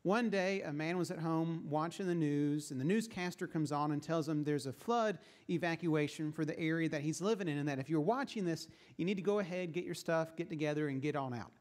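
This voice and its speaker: A man's voice: on the high side, fairly quick, hardly any pauses, darkish tone. A male pastor giving a sermon in a conversational storytelling way, then leading a prayer and reading scripture.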